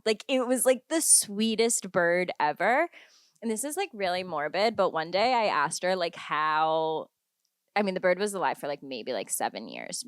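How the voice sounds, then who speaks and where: A woman's voice: fairly low pitch, dry recording, studio quality. A young woman co-hosting a podcast, telling chatty stories in a casual, laughing way. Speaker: podcast co-host. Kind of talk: casual chat.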